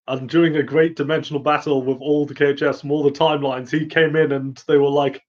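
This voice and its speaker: A man's voice: fairly high pitch, level tone, normal speed, long pauses. A man hosting a casual live chat, rambling with lots of fillers and frequent giggles. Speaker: host answering viewer questions. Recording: muffled lo-fi audio.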